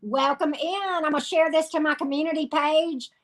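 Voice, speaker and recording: A woman's voice: high-pitched, fairly even intonation, moderate pace. A woman with a Southern accent hosting a live stream, chatty and upbeat as she greets viewers by name. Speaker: tarot reader host.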